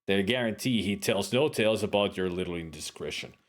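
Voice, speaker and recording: A man's voice: on the low side, fairly quick, pitched below the performer's own voice, close to an everyday voice. A man voicing a dorky, hapless man in a read-aloud adventure game, speaking in an indignant, blustering way.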